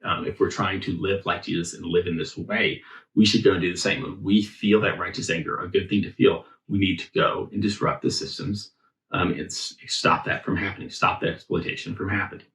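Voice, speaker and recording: Low-voiced man preaching casually. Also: steady tone, brisk, a bit bright, roomy sound, poor audio. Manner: loose, thinking aloud, heavy on filler words. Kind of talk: casual conversational sermon. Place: church sanctuary.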